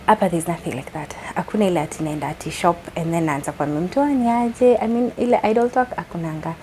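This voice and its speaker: Young Kenyan woman, soft and mellow, chatty code-switching vlogger, faint noise behind. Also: on the low side, fast, low-quality recording. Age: young adult. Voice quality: soft-spoken. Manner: chatty, switching between English and Sheng Swahili. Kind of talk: casual chat.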